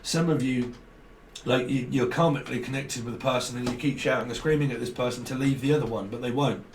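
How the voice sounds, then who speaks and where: A man talks through a tarot spread in a blunt, casual way. He swears freely and circles back over the same phrases. His voice sits at a middle pitch and sounds off-mic in a roomy space with faint noise behind it. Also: fairly even intonation, fast talker, distant mic. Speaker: tarot reader. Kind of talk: casual tarot reading to camera.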